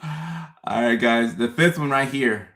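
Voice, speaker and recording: A man hosting a casual live stream, talking straight to his viewers in an animated way, often repeating words and acting out his own confused thoughts. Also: medium pitch, slow pace. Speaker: host. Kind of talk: casual livestream talk to viewers.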